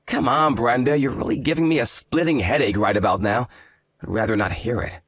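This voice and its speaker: A man's voice: medium pitch, fairly even intonation, fairly quick, no room sound, natural voice. An actor playing an arrogant, hungover young fiancé who talks down to his partner in a lazy, condescending drawl. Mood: dismissive. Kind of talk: dramatized story voice acting.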